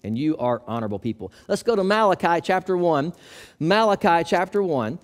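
Man, pastor, sermon, emphatic preaching, slightly high pitch. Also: lively intonation, fairly quick. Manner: preaching with rising emphasis and quoting scripture.

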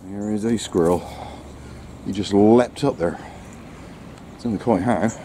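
Out walking his dog along a wet seafront, this middle-aged vlogger talks easily to the camera and the dog, teasing himself with little laughs. He speaks slowly in a warm, lowish voice. It's a rough handheld-camera recording with faint noise from outside.

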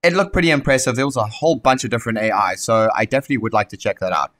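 A young man with a South African accent talks through his gameplay in a casual, excitable way. He swears freely and slips into heated rants, in a voice of ordinary middle pitch for a man. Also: very fast. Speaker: gaming YouTuber.

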